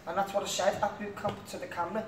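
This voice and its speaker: A young man with a Liverpool accent talks in a high voice, rambling and dropping "you know what I mean" all the time. He sits back from the mic in an echoey room with a faint hiss underneath. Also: little pitch movement, fast talker, distant mic. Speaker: interview guest, singer. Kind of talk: casual interview chat.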